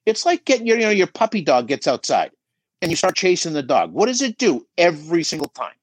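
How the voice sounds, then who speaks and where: Middle-aged male coach, animated and emphatic, mid-high voice, dry close sound. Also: a little fast, dry recording. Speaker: auto shop business coach guest. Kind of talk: podcast conversation.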